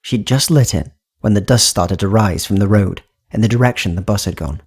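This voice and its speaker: A man reading a horror audiobook as narrator, in steady, even storytelling. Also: lowish voice, brisk, slightly rough. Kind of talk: scripted narration.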